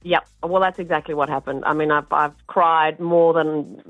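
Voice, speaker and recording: A woman's voice: sits low, steady tone, moderate pace, fairly bright tone, no room sound. Woman, chatty radio guest, dull muffled audio, faint music behind. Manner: chatty, effusive, laughs easily. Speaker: TV host and guest. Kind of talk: radio interview.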